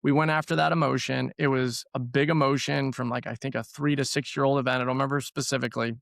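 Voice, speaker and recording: Gravelly man explaining casually. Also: mid-range voice, flat delivery, fast, fairly bright tone, no room sound, clean studio sound. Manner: conversational, repeats words for emphasis. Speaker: trauma therapy practitioner. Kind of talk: casual podcast conversation.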